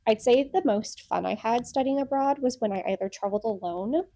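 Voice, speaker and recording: A woman's voice: on the high side, a little fast, mellow, no echo, clean studio sound. A woman in her twenties co-hosting a podcast at home, rambling casually with lots of "like" and laughter. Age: 20s. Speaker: podcast co-host. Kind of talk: casual chat. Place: home room. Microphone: podcast mic.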